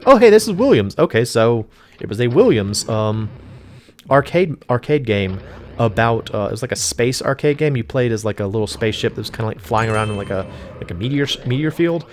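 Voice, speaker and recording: A man's voice: medium pitch, fairly quick, a little hiss or hum. A man hosting a casual let's play of retro games, rambling and forgetful with lots of fillers. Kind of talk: casual gameplay commentary.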